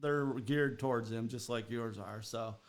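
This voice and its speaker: A man's voice: mid-range voice, a little slow. A man from Minnesota hosting a podcast and quiz, chatting in a rambling, friendly way with frequent laughs. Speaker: podcast host and quiz master. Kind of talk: casual chat.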